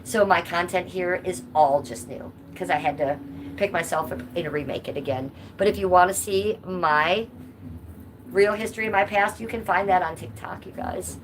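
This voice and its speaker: A woman streaming live from home, chatting loosely and reading out viewer comments as she goes. Her voice sits a bit low, and a steady background noise runs under it. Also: normal speed. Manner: chatty, reads chat aloud and answers viewers. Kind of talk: casual live-stream chat. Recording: noisy background.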